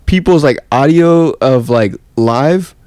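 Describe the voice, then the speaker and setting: A man as a podcast guest in casual chat, animated and profane, often breaking into laughter. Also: medium pitch, takes it slowly, dry recording, clean studio sound.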